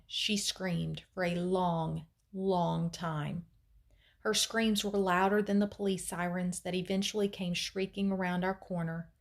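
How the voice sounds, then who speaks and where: A woman teacher reading a novel aloud in an expressive storytelling way, with dramatic pauses. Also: medium pitch.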